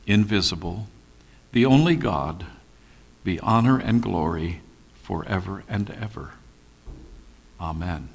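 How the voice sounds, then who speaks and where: A man teaching a Bible study class, reading scripture deliberately and making folksy, teasing asides to his listeners. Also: on the low side, a bit bright.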